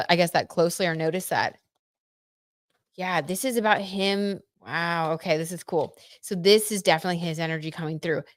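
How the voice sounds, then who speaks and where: A woman giving a casual live tarot reading in a chatty, excitable way, full of fillers. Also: on the low side, no echo, studio quality. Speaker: tarot reader.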